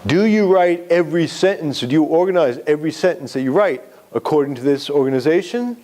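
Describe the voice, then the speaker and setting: Male writing lecturer, fairly high voice. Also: expressive, brisk, a little mellow. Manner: conversational, explains step by step with examples. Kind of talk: live classroom lecture.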